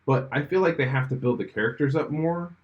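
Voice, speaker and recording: A man's voice: mid-range voice, fairly quick, dull audio. A man co-hosting a podcast in casual chat, rambling with lots of fillers and restarts and laughing often. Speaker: podcast co-host.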